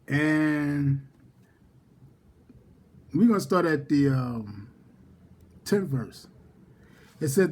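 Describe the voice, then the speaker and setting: A man teaching a casual Bible study, repeating each verse reference and reading scripture slowly and deliberately. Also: on the high side, lively intonation, darkish tone, slightly rough.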